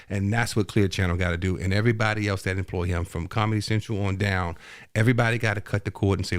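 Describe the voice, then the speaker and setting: A man's voice: lowish voice, steady tone, racing, clear, resonant tone, dry recording. A man hosting a podcast from his home studio, giving a heated, profane commentary in an emphatic voice. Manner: profane, heated and emphatic, rising to near-shouting; subdued, hesitant and soft-spoken. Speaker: podcast host. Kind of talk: angry commentary rant. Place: home dining room studio.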